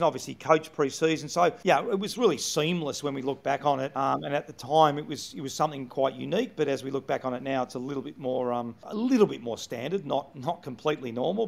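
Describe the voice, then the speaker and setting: A man's voice: fairly high pitch, quick pace, vocal fry, few pauses. A middle-aged Australian man from Melbourne, a former football coach telling candid stories in an interview with frequent restarts. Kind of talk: conversational interview storytelling.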